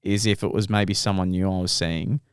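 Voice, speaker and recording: A man's voice: low voice, fairly even intonation, normal speed, clean tone, no room sound, studio quality. A young man, co-hosting a podcast in casual chat, swearing as he tells stories and mimics other people. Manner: storytelling, swears, mimics voices. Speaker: podcast co-host.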